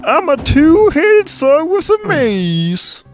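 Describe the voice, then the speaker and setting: A hulking male brute monster with a dim-witted, grunting way of talking, as a man puts him on. The voice sits far above the performer's own, slow and boastful, with loud game music running underneath. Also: very high voice, wildly swooping pitch, voice pushed up, exaggerated voice. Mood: dopey boasting.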